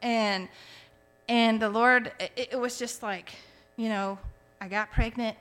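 Woman in her 40s sharing her testimony, heartfelt, stumbles and restarts, slightly high voice. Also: steady tone, slow pace, a bit bright, clean tone, soft background music. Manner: earnest, heartfelt storytelling with many restarts. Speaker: testimony speaker. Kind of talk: personal faith testimony.

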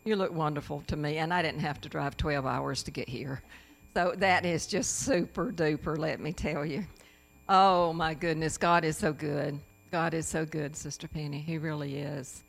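A woman's voice: low-pitched, moderate pace, creaky. A woman addressing a church congregation in a spirited, exclamatory testimony full of praise.

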